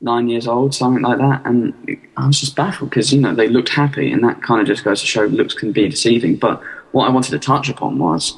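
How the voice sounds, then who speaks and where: A man's voice: mid-range voice, a little fast, husky, in a large hall, poor audio. Hesitant rambling man on a podcast. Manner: hesitant rambling storyteller, many fillers. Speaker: podcast guest. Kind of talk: casual chat.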